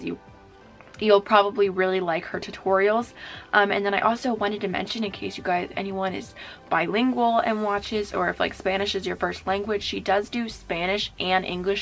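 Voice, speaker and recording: A woman's voice: medium pitch, creaky, fairly bright tone. A young woman vlogging about beauty in a casual, gushing way, full of fillers. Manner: chatty and gushing, many fillers. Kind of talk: casual chat.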